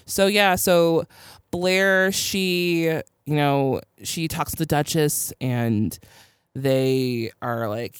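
A woman's voice: a bass voice, very slow, clear, resonant tone, dry recording, clean studio sound. Giggly young woman recapping a TV episode. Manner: giggly, chatty, swears. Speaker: podcast co-host. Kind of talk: casual TV recap chat.

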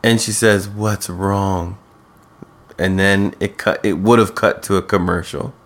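Low-voiced man in casual chat. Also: steady tone, normal speed, a bit bright. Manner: hesitant, with frequent restarts and "like". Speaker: podcast co-host. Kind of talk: casual chat recapping a TV show.

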